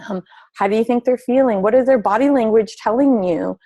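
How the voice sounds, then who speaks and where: A woman giving a webinar as a family therapist, explaining calmly and acting out example talks with children. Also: on the high side, a little fast, dry recording. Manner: gentle, explanatory, acts out example dialogues with children. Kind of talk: spoken webinar presentation.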